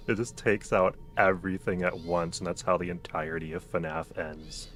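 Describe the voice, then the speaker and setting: A man gives loose, casual commentary while he streams a game, joking and talking to the characters he meets. His voice is very low, and faint music plays underneath. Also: little pitch movement, normal speed, few pauses.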